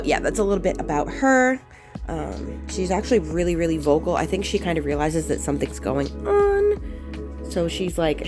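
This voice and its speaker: Young woman host for a nail tutorial, casual and rambling, very animated pitch, faint background music. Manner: rambling and chatty, with many fillers and repeated words for emphasis; talks to her cat in a high squeaky voice. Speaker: nail art channel host. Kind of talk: casual chatty tutorial narration.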